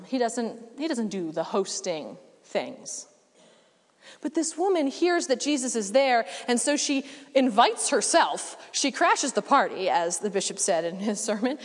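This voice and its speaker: A woman preacher giving a sermon in a relaxed, conversational way with casual asides, recorded in a church. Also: mid-range voice, long reverb tail.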